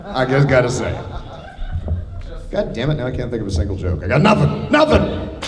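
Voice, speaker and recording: A man's voice: mid-range voice, big pitch swings, fairly quick. A man answering audience questions on a convention panel, riffing playfully and breaking into silly voices. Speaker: voice actor guest at a convention panel. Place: large convention hall with a live audience. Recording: echoey convention hall with a long reverb and a crowd.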